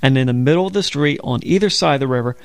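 Gravelly man explaining scripture. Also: mid-range voice, fast, no room sound. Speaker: Bible program co-host. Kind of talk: radio Bible discussion.

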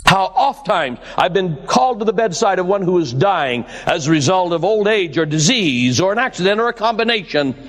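An older male pastor preaching a sermon, slowing his delivery for emphasis and lifting his voice at exclamations. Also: high-pitched, animated, fairly bright tone, long reverb tail.

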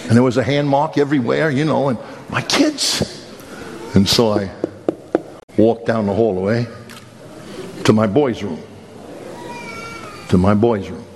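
A man's voice: a little slow, pauses often. A middle-aged male pastor preaching a sermon, telling a personal story with humor and wide swings in his voice. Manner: animated storytelling with humor and big pitch swings. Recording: echoey hall with faint ambience.

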